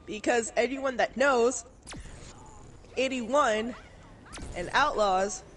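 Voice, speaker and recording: Slow-talking Canadian woman telling stories. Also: on the high side, fairly bright tone, slight background noise. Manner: laughs often, swears freely. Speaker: streamer. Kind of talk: casual storytelling chat.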